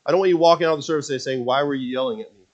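Man, pastor preaching, slightly high voice, loud then hushed. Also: rapid-fire. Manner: swings from loud preaching to quiet confiding. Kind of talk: sermon.

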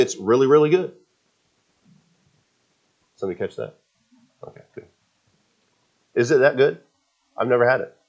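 Here a male pastor with a medium-pitched voice delivers a sermon, repeating words to build emphasis and throwing in casual asides to the congregation. The audio sounds dull.

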